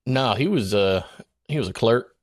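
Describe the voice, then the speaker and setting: A man's voice: medium pitch, expressive, normal speed, no echo, clean studio sound, natural voice. A man playing a dim-witted rural Southern guest in a comedic podcast, with a put-on Southern accent, rambling and drawling with giggly asides. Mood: amused. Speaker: guest in character. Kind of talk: comedic improv podcast character.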